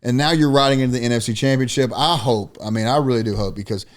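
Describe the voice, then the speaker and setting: A young man co-hosting a podcast, chatting about sports in a loose, profane, animated way and telling stories. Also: medium pitch, fast talker. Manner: profane, animated storytelling, often says "dude". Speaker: podcast co-host. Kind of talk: casual sports chat.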